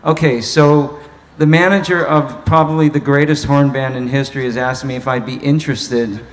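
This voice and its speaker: A man, a saxophone player, telling an animated story at a live Q&A and laughing as he goes. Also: medium pitch, normal speed. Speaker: saxophonist guest.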